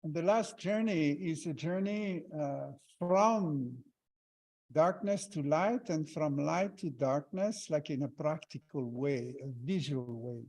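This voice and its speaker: A man teaching a guided breathing meditation, giving calm step-by-step instructions with long pauses. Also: a little high.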